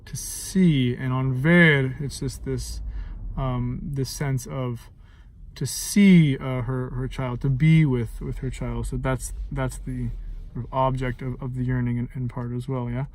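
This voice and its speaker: Slow, halting man explaining music. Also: medium pitch, steady tone. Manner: halting, thinks aloud with many fillers; sings short phrases to illustrate. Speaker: music teacher and composer. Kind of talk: informal music lesson.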